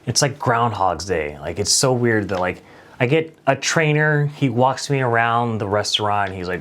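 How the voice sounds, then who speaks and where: Animated man telling a personal story. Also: medium pitch, moderate pace. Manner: animated, conversational, self-deprecating. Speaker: late-night show host.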